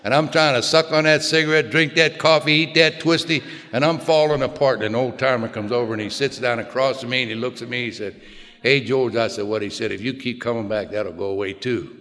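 An older man telling a plainspoken personal recovery story to a group, in a folksy way with quiet low asides. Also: fairly even intonation, brisk. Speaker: recovery speaker. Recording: long hall reverb.

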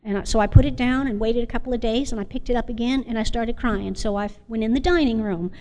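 Woman, slightly high voice, earnest personal testimony, halting with many fillers, long room reverb. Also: dark tone, a little hiss or hum. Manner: earnest and reflective. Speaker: Al-Anon member sharing her story.

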